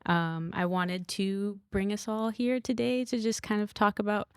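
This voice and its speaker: A woman director hosting a casual podcast conversation, relaxed and halting, with many ums. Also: medium pitch, clear, resonant tone, no room sound, studio quality. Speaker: podcast host and film director.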